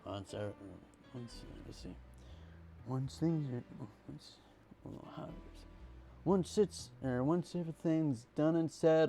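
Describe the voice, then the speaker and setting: A streamer reading game dialogue aloud, stumbling and restarting now and then. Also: male voice, mid-range voice, takes it slowly, warm tone, faint music behind.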